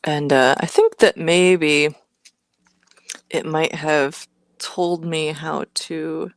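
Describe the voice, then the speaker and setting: A woman's voice: low voice, gravelly, no echo. A woman co-hosting a live hardware build stream, chatting casually and thinking aloud, muttering half to herself as she works through things, with a playful, slangy way of talking. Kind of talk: casual chat.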